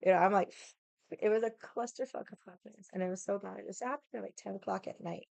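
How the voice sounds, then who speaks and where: A woman vlogger telling a story in a casual, animated way, swearing a lot and using lots of "like" fillers. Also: mid-range voice, quick pace, vocal fry, no echo. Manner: animated, heated retelling.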